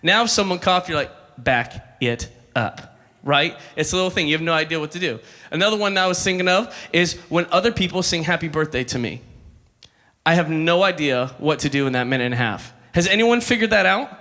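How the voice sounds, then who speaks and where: A youth ministry speaker in his thirties delivers a humorous sermon, telling jokes as a storyteller and calling for responses from the crowd. His voice is on the high side, animated and sharp, and he talks fast, with a long hall reverb on the recording.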